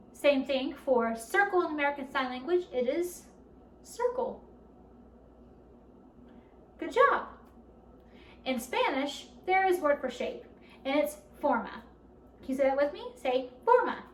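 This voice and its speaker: A woman leading a children's storytime at a library, speaking slowly and encouragingly and asking the children questions as she goes. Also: high voice, slight background noise. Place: library room. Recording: roomy, distant camera audio.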